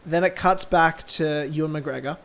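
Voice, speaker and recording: Excitable man with a high voice, gushing fan on a casual podcast. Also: normal speed, gravelly. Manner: excitable, gushing, many restarts. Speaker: podcast co-host. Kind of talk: casual fan review chat.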